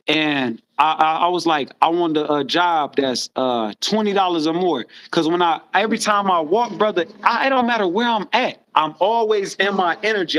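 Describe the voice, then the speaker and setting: A man with a notably high voice rambles through his stories in casual chat. He is animated and swears often, and his phrases keep circling back on themselves. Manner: rambling, animated storytelling with frequent profanity.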